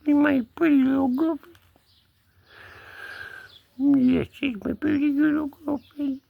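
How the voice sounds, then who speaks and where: A woman voicing her lazy, fat male house cat in high squeaky baby talk with a drawn-out whine. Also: little pitch movement, gravelly, no room sound, phone-quality sound, exaggerated voice. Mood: whiny, sleepy.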